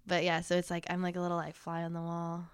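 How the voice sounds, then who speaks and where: Smooth-voiced woman, giggly storyteller. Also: on the low side, monotone, fast, no echo, studio quality. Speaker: guest comedian. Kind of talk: casual chat.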